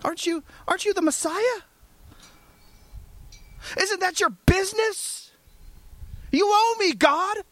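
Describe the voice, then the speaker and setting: A man voicing a defiant dying criminal who demands to be saved, his voice pushed high and indignant. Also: takes it slowly, pauses often, fairly bright tone, exaggerated voice.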